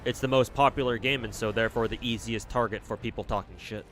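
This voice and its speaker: A man's voice: mid-range voice, fairly even intonation, quick pace, fairly bright tone, faint music behind. A man livestreaming a game, chatting casually and bluntly as he reads chat and plays, rambling and swearing freely. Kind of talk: casual commentary while playing and reading chat.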